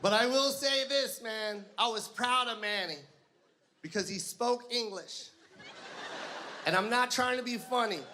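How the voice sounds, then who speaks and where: A male stand-up comedian telling stories with animated, profane delivery, shouting his punchlines on stage. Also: very high-pitched, a little slow. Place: comedy stage before a live audience. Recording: live stage mic with audience and room noise.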